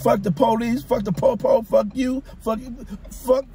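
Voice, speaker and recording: A man arguing from the passenger seat of a car, swearing constantly, stammering and often shouting. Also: very high voice, fairly even intonation, a little slow. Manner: profane, stammering, yelling. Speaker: prank target, passenger. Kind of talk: heated casual argument. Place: inside a car. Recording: car interior noise.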